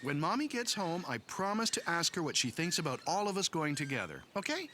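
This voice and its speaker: An actor voicing a calm, reassuring father in a cartoon. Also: fairly high pitch, a little fast, a little hiss or hum, exaggerated voice. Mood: gentle. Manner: calm, reassuring, explains gently. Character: patient gentle father of a young boy. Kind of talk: cartoon voice acting.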